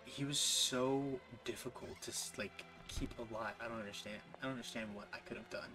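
A man's voice: medium pitch, steady tone, a little fast. A man giving casual let's-play commentary, reacting with exasperation and frequent laughs. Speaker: gameplay commentator. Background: game music.

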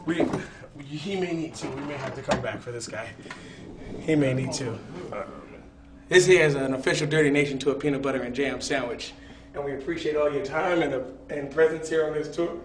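A man's voice: mid-range voice, fairly quick. A man, a tour DJ, handing out sandwiches backstage with mock-ceremonious, hyped speeches. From Detroit. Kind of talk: playful mock-formal presentation. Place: backstage rooms on a music tour. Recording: echoey, off-mic, with crowd noise.

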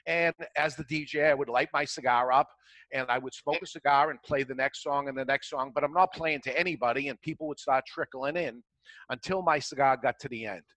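A man's voice: mid-range voice, brisk, fairly bright tone, dry recording, rough recording. A man, casually telling a long anecdote as a talk show guest and acting out both sides of old conversations. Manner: anecdotal, acts out dialogue in quotes. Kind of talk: casual storytelling.

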